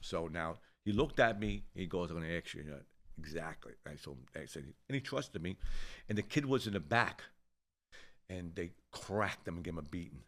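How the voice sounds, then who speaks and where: An older man with a fairly low voice tells a story from the old neighborhood in a loose, casual way. He swears freely and slips into the voices of the people he quotes. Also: normal speed. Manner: rough-edged, swears freely, animated when quoting others. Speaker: show host telling a story.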